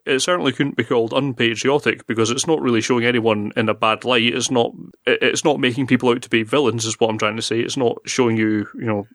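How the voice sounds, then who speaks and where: Fast-talking man reviewing films. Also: medium pitch, fairly even intonation, a bit bright, no room sound, clean studio sound. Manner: rapid, rambling, self-correcting. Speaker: podcast co-host. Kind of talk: casual film review chat.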